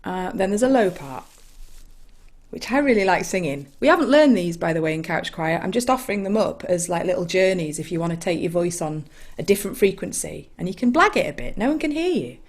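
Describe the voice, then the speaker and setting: A woman with an English accent leading an online singing session from home, gentle and encouraging, with reflective mindful asides. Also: lowish voice, lively intonation, a little fast. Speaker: choir leader.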